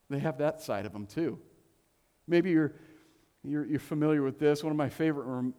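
A man's voice: medium pitch, a little mellow. A middle-aged man preaching a sermon, telling a story with humor and often repeating words as he goes. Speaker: pastor. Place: church hall. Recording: long hall reverb.

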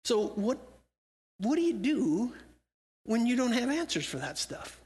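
A man's voice: very high voice, very animated, unhurried, a little mellow. A man speaking as a missionary at a church, talking conversationally and acting out imagined dialogue. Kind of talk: church talk with acted-out quotes. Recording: long hall reverb.

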